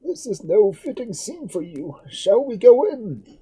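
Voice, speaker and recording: He is an earnest, proud old father who declaims praise in a raised, husky voice, as a man puts him on. His tone is dark and mellow, and his delivery is lively. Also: high-pitched, unhurried, pitched above the performer's own voice, full character voice, poor audio. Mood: tender.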